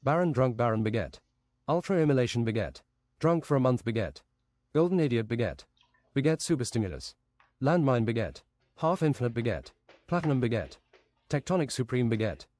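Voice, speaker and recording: Streamer guy reading silly phrases deadpan, normal pitch, dry close mic. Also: brisk, dry recording. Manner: deadpan, rhythmic listing of nonsense phrases. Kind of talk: reading out an absurd list.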